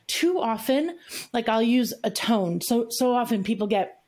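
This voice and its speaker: A woman's voice: a little high, lively intonation, unhurried, a little mellow. A woman coaching a client and group, teaching in emphatic, repetitive phrases. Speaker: relationship coach. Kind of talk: coaching session talk.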